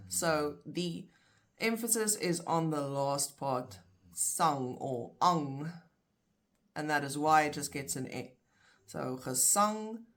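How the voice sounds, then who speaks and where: A woman teaching vocabulary in a video lesson, saying each word and its plural slowly and carefully, in pairs. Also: low-pitched, a bit bright. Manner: slow, careful, repeats words in pairs. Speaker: language teacher.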